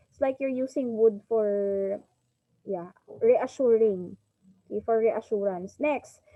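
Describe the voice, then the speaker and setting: A woman's voice: on the high side, warm tone, no room sound, dull audio. Filipino woman teaching an online class. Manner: mixes English and Tagalog, drawn-out model words. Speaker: English teacher. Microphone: video call.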